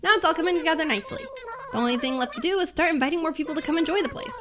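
A woman's voice: high-pitched, lively intonation, racing, pitched above the performer's own voice. Woman reading as a peppy game helper. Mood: upbeat. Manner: reading on-screen dialogue aloud.

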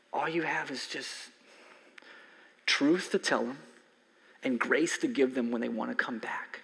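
A man in his forties preaching a conversational sermon as a pastor, swinging from loud emphasis to soft near-whispers. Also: mid-range voice, creaky, slightly rough. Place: church sanctuary. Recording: long hall reverb from a church sanctuary.

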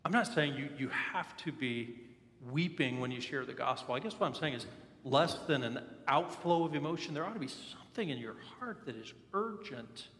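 A man's voice: fairly high pitch, animated, moderate pace, a bit bright. A man preaching a sermon, telling personal stories in an earnest, candid way. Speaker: pastor. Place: church sanctuary. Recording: echoey church hall.

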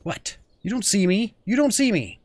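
Giggly young gamer, lively voice. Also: medium pitch, normal speed, no room sound. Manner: giggly, playful, talks as the goose. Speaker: gaming video host. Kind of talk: let's play commentary.

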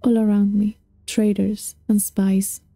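Suspicious, grumbling storybook emperor, read by a woman; gravelly, very dark tone. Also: medium pitch, little pitch movement, slow pace, no room sound. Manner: grumbling, indignant ranting.

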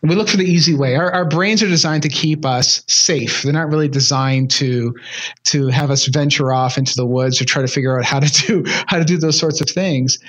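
A man's voice: a little high, a little fast, a bit bright. A man hosting a podcast, speaking earnestly and often repeating words as he gathers his thoughts. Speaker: podcast host. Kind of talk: casual interview chat.

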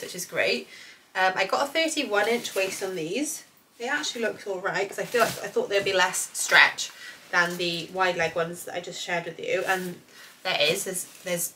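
Chatty, slightly hoarse British woman vlogger. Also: medium pitch, sharp tone, a little hiss or hum, low-quality recording. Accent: British English. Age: 30s. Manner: chatty, rambling, enthusiastic, many fillers. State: slightly hoarse, recovering from illness. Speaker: fashion vlogger. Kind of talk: casual try-on haul chat.

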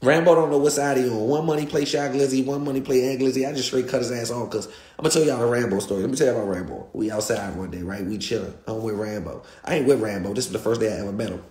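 A young man, a guest telling a story in animated, slangy style and repeating himself. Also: mid-range voice, fast talker, reverberant. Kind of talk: street storytelling.

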